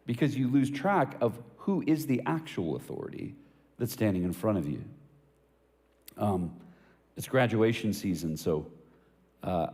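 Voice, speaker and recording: A pastor with a fairly low, mellow voice preaches in a church hall, and his words ring out with a long reverb. He swings widely in pitch as he tells casual stories with jokes, then turns to pointed, emphatic questions. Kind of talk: sermon.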